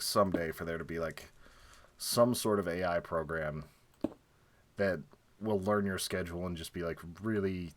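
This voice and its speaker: Young guy with a real low voice rambling and joking while building, faint hum behind. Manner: rambling, joking, lots of "like" fillers; counts blocks under his breath. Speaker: game streamer. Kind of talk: casual chat while building in a game.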